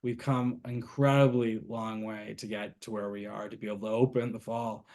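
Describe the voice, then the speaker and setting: A man's voice: fairly low pitch, normal speed. A young man from Boston, a guest on an interview show, telling stories casually with frequent fillers and chuckles. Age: young adult. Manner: relaxed storyteller, chuckles often, many fillers. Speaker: guest, university co-founder.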